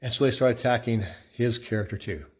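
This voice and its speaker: Husky-voiced male pastor, mid pitch, chatty devotional teaching with emphatic asides. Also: steady tone, brisk, a little mellow. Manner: conversational, emphatic, acts out quoted voices. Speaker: pastor giving a short Bible devotional. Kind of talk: casual Bible teaching.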